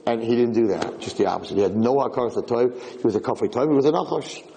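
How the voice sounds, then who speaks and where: A man teaching a Torah lesson in an excitable, repetitive way, restarting his sentences often. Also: medium pitch, quick pace, creaky, big-room sound, rough recording.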